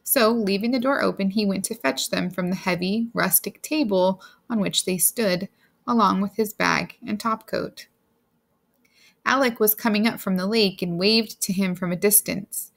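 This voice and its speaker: A woman reading a short story aloud as a steady, plain narrator. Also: mid-range voice, moderate pace, gravelly. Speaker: audiobook reader. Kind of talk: scripted narration.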